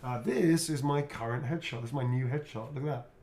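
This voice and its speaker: A man's voice: mid-range voice, brisk, a little hiss or hum. Playful swearing man chatting while signing. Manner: playful and teasing, swears freely, chuckles often; drops to a quiet mutter while drawing. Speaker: actor signing autographs on a livestream. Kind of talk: casual chat while signing.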